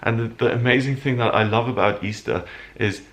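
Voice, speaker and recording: A man's voice: mid-range voice, fairly quick, a bit bright. A man hosting a weekly horoscope show, talking earnestly and at times emotionally about the week's astrology. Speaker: astrologer host.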